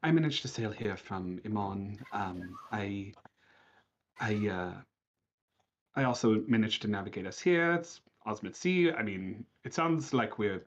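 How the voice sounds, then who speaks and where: A man's voice: on the low side, expressive, unhurried, dull audio. A man voicing an earnest young female sailor who talks in a modest, hesitant way.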